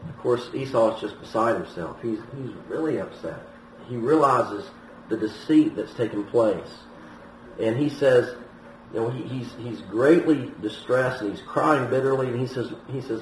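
A man's voice: medium pitch, normal speed. Preacher man in a roomy hall. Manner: storytelling, with some restarts and raised quoted lines. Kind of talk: sermon. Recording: roomy, from a distance, faint noise.

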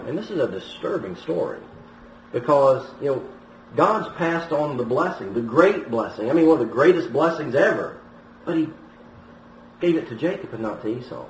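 Man, sermon, storytelling, mid-pitched voice, echoey room, distant mic, faint background hum. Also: expressive, moderate pace. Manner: storytelling, with some restarts and raised quoted lines. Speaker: preacher. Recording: roomy, from a distance, faint noise.

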